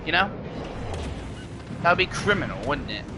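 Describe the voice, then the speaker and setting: In this casual live-stream chat, a game streamer with a fairly high, very animated voice talks at a moderate pace, rambling and frequently restarting sentences. Heavy background noise is present.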